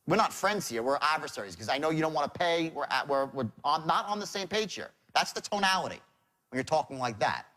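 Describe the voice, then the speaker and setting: Brief: middle-aged male sales trainer, lively seminar delivery with a voice that swings widely. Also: a little high, a little fast. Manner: animated, acts out sales calls in shifting tones.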